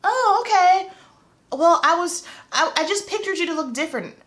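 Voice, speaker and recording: A woman mimicking a flustered, apologetic female salon client in a high, gushing voice. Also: fairly even intonation, normal speed, a bit bright.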